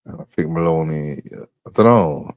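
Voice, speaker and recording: A man's voice: very deep voice, moderate pace, no room sound, dull audio. A young man hosting a show, commenting on clips with frequent laughter and mockery. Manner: laughing, mocking. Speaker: host.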